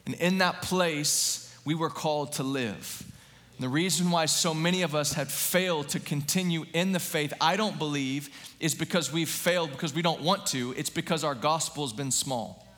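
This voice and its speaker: A man preaching a sermon, fervent and calling out to his congregation, at times rising to shouting. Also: a little high, normal speed. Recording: long hall reverb.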